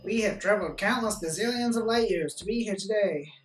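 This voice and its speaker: A man's voice: brisk, echoey room, recorded from a distance, soft background music, natural voice, rough recording. A man voicing a grand, pompous alien envoy who greets humans and sells them a game. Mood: grandiose. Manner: pompous, booming.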